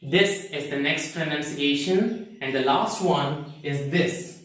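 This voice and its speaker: A man's voice: on the high side, takes it slowly, fairly bright tone. A man teaching English pronunciation in an online lesson, who asks rhetorical questions and answers them himself with careful explanations. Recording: very echoey room, mic far off.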